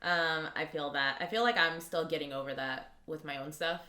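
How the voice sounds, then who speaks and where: A woman hosting a podcast in casual chat, reacting quickly, with giggles in between. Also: low voice, steady tone, pushed and bright. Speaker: podcast host. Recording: roomy echo.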